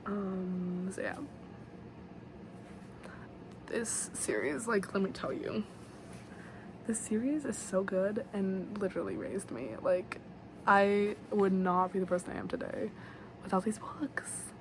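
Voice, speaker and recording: Young woman, book vlogger, rambling, gushing, mid-pitched voice, noticeable background noise. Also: measured pace. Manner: rambling, filler-heavy, gushing. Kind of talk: casual book recap.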